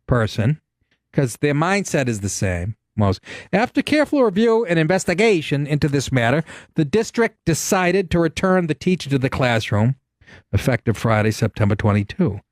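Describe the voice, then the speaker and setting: A man hosting a talk radio show, ranting and telling stories in a profane, animated way from a studio. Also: on the high side, no echo. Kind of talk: casual talk radio monologue.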